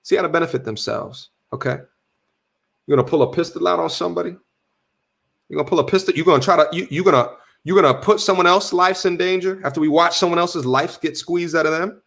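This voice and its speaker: A young man hosting a casual livestream, reading viewer chat aloud with slangy shout-outs and repeating his points. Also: fairly high pitch, fast, gravelly. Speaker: livestream host.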